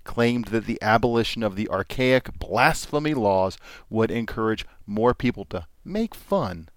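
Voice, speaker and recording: A man's voice: fairly low pitch, lively intonation, a little slow, no room sound. Male podcast host, casual news-reading delivery, dry studio sound. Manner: reads news items with dry jokes and laughs.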